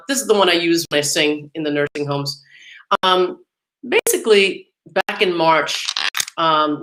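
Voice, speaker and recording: Against background noise, a deep-voiced woman hosts a live music podcast in a casual livestream style. She's from the New York/New Jersey area, chatty, laughing often and using many fillers.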